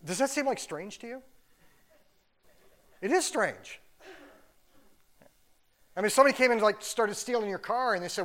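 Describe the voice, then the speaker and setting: Animated, casual man preaching a sermon. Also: sits high, moderate pace, pauses often. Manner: casual, animated, many "like" fillers. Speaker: pastor.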